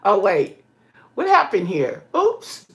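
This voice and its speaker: A woman vlogger telling stories in casual chat to her viewers, animated, whooping and laughing often, checking in with "okay?" as she talks. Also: mid-range voice, takes it slowly. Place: indoor room with pink walls.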